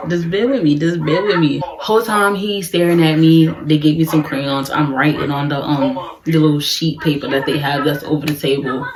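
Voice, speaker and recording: A woman in her early twenties with a New York accent, telling a casual storytime in slangy, animated talk and acting out what people said. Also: low-pitched, poor audio. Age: 20s. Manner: animated, slangy, acts out quotes. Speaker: vlogger.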